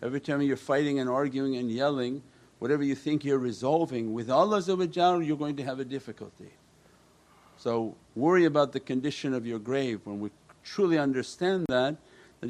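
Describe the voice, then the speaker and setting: Man, religious teacher, calm measured sermon voice, answering questions. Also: mid-range voice. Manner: calm, repetitive, with Arabic prayer phrases.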